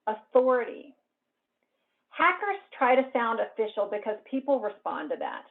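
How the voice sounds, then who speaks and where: A woman presenting a cybersecurity talk in a clear, explanatory way. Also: fairly high pitch, very animated, moderate pace. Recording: narrow phone-like band.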